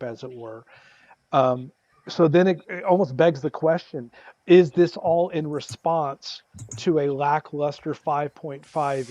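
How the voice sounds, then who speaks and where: A man's voice: on the high side, a little mellow, dry recording, highs cut off. A man thinking aloud in a rambling way during a casual podcast chat. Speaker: podcast panelist.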